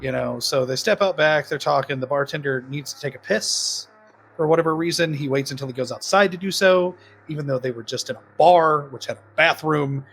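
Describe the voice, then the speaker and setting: Husky-voiced man recapping a movie. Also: a little high, brisk, fairly bright tone. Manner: rambling retelling with frequent ums and laughs. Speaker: podcast co-host. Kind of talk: casual film-review chat.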